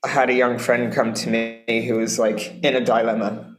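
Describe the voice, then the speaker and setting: A woman in her late fifties, a guest in a casual conversation, tells animated stories and acts out quotes with laughter. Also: very deep voice, moderate pace, music in the background. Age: late 50s. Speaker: guest, spiritual guide. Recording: roomy echo.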